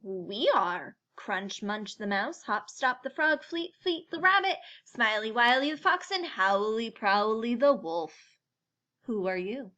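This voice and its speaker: A woman voicing a group of small, timid woodland animals answering in a slow sing-song in a storybook reading. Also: on the high side, expressive, pushed and bright, highs cut off, full character voice.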